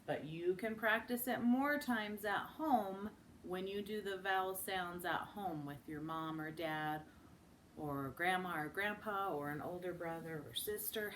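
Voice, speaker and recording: A woman teaching a children's phonics lesson. She models each sound slowly and with exaggeration, and breaks into sing-song chants. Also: fairly low pitch, a bit bright, slight background noise. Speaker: speech and language teacher.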